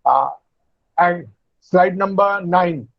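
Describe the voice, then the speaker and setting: Man, online lecture, high voice, muffled dry call audio. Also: vocal fry, dry recording. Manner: slow, explanatory, repeats and spells out words. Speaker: university lecturer. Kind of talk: online class lecture on word stress. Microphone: video call.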